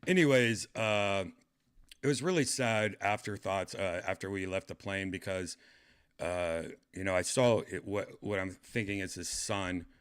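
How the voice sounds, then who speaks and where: A man's voice: deep voice, measured pace, clean tone. A man hosting a casual livestream chat, rambling and hesitant, full of fillers and restarts. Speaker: podcast host.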